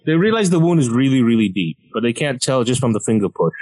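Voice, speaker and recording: A man casually telling a funny story on a podcast, lively and acting out the people in it. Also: quick pace, rough recording. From Malaysia. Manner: animated, acts out quoted people with big pitch jumps.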